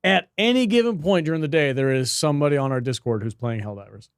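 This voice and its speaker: A man's voice: a little high, quick pace, smooth, no echo, studio quality. A man co-hosting a casual gaming podcast, joking loosely and reading out viewer comments. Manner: laid-back, joking, swears freely. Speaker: podcast co-host.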